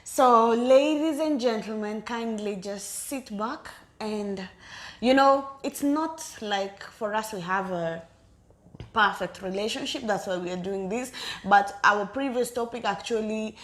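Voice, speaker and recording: A woman with a medium-pitched voice and measured pace co-hosts a couple's channel, discussing relationships alongside her partner. She addresses viewers directly in a casual, chatty manner that tends to repeat itself.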